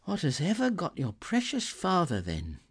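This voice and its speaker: A man's voice: fairly high pitch, wildly swooping pitch, moderate pace, creaky, husky, pitched above the performer's own voice, full character voice. A man doing a bustling, fussing Victorian mother. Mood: fretful. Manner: fussing, affectionate.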